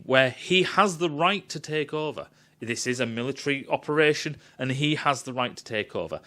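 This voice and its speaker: A man giving a profane, animated rant as he critiques a film. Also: mid-range voice. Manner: animated, swears a lot, acts out quotes. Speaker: film reviewer.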